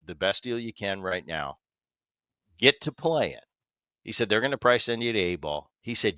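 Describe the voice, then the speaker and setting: A man hosting a casual podcast, telling a story with many halting restarts. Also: lowish voice, bright, forceful tone, no echo, clean studio sound. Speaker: podcast host.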